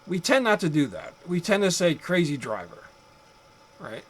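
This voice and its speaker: Here a man delivers a classroom psychology lecture in a high-pitched, sing-song voice, talking a little fast. He keeps it conversational, adding rhetorical asides and playing the part of angry drivers. The audio is poor.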